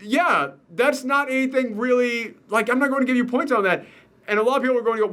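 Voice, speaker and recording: A man's voice: extremely high pitch, fast, fairly bright tone. A man hosting a casual movie review chat, joking and emphatic as he rants. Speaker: show host.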